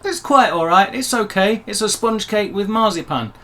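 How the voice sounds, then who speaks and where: A man's voice: high-pitched, expressive, normal speed, fairly bright tone. A man from England, vlogging in a chatty, upbeat way with playful asides. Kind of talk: casual talk to camera.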